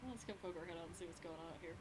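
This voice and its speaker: Fast-talking woman over background noise. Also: fairly low pitch. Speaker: player. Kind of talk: casual tabletop game chat. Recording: noisy background.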